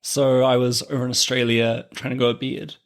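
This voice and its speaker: A man co-hosting a couples podcast, chatting loosely and storytelling with plenty of "like" and "um". His voice has a creaky, gravelly grain at a middle pitch. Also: little pitch movement, brisk. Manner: storytelling with frequent laughs and fillers. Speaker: podcast co-host. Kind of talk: casual chat.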